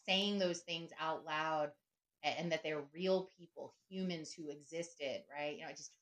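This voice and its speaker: Middle-aged woman, podcast guest, lowish voice, chatty and quick to laugh. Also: steady tone, a bit bright. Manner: chatty, often adds "right?", laughs easily. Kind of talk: casual interview talk.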